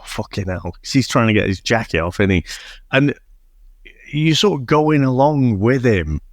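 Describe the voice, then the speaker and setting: A man's voice: medium pitch, dry recording, studio quality. A man co-hosting a casual film review podcast, talking wryly and rambling with hesitant restarts. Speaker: podcast co-host.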